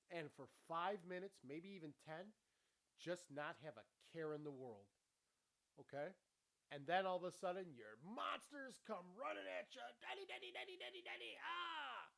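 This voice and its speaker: A man hosting his own show, talking in a rambling, profane motivational monologue and laughing often. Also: on the high side. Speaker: podcast host. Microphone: camera with ring light.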